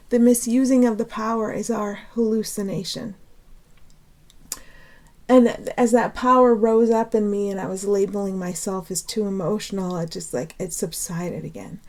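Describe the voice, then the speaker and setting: Woman, spiritual teacher, unscripted talk, emotional, earnest, frequent laughter, mid pitch. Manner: emotional and earnest, laughs often between phrases; pleading, then calming herself down.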